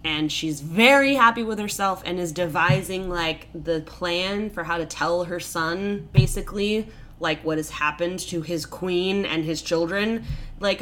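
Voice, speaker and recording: A woman's voice: on the low side, unhurried, a little hiss or hum. A woman co-hosting a podcast, retelling a fairy tale in a casual, comedic way with lots of swearing and filler. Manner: animated, swearing, frequent "like" and "basically".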